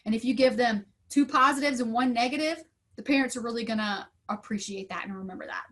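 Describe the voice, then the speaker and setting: This is a woman teacher in her thirties presenting to other teachers. Her voice sits somewhat high. She tells classroom stories in an upbeat, storytelling way and slips into lively voices when she quotes people. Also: fast, a little hiss or hum. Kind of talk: conference talk.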